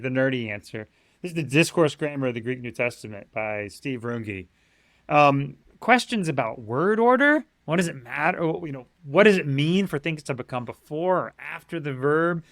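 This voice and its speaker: Eager fast-talking man, dry close sound. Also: a little high, expressive, a bit bright, no room sound. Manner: enthusiastic, talks fast in bursts with many fillers. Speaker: Greek teacher and founder. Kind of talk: casual interview chat.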